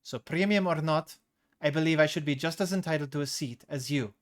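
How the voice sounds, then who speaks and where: A worn-out young woman who has reached her limit, as a male storyteller puts her on. She speaks flat, direct and curt, with cold politeness that turns sharp when pushed. It is a storybook voice kept close to the reader's own. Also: on the high side, fairly quick, pitched above the performer's own voice, natural voice. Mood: coldly polite. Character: fierce young female bus rider, fed up.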